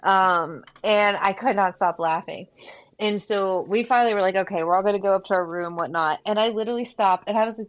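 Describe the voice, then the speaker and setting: A woman's voice: mid-range voice, a little fast, dull audio. A woman as a podcast guest in casual chat, telling a story with frequent swearing and laughter.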